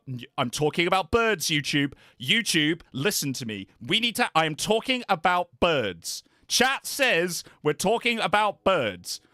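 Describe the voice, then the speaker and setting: A man's voice: high voice, pushed and bright, dry recording, clean studio sound. A British man chatting on a live stream in a playful, rambling way, often trailing off into mumbles. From Britain. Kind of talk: casual live-stream chat.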